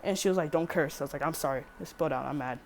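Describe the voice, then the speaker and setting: A woman's voice: low-pitched, rapid-fire, slight background noise. A teenage girl rambling through a casual storytime vlog, swearing freely and correcting herself as she goes. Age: teen. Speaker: vlogger.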